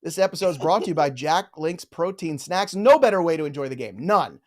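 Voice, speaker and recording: A man with a rather high, very animated voice hosts a live fantasy football show. He banters with his co-host and reads out viewer questions in a lively way. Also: fairly quick. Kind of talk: live sports chat show.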